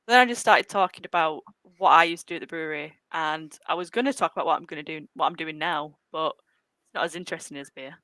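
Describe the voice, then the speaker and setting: Chatty young woman, bright dry voice. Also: low voice, fast, no room sound, poor audio. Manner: chatty, laughing often. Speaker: co-host, former brewery worker. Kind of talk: casual live chat.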